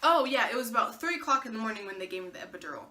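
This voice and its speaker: A young woman vlogger telling a personal story in a casual, animated way, acting out the dialogue with laughs and swearing. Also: a little high, racing.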